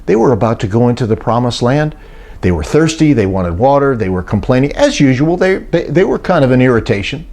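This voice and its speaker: Older man, preacher, sermon-style storytelling, animated pitch, voices quotes. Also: a little fast. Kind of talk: sermon-style teaching talk.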